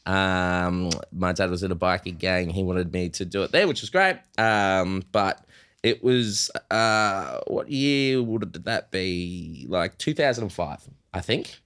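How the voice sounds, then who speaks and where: A man with an Australian accent and a slightly low-pitched voice, co-hosting a laid-back chat. He tells long, meandering stories full of uhs and ums. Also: measured pace, fairly bright tone, clean tone. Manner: rambling storytelling with fillers. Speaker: podcast co-host. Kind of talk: casual sports chat.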